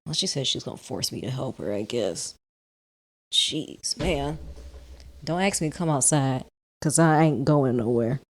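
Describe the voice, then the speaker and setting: A woman hosting a let's play, reading a visual novel in the first person, softly, with casual asides. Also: extremely low pitch, expressive, measured pace.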